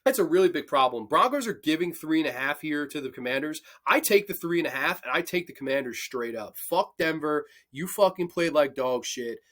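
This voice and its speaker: A young man with a slightly high voice hosts a football betting picks show. He talks in a loose, casual way, swearing constantly and working himself up into heated rants. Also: expressive, brisk, few pauses, a bit bright. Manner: profane, passionate ranting. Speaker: sports picks host. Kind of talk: casual sports betting commentary.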